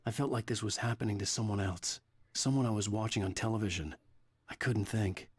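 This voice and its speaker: An actor playing a weary, suspicious male writer in a video game, narrating his thoughts in a flat, tired, sardonic way. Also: on the low side, fairly quick, breathy edge. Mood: groggy. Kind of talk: inner-monologue game narration.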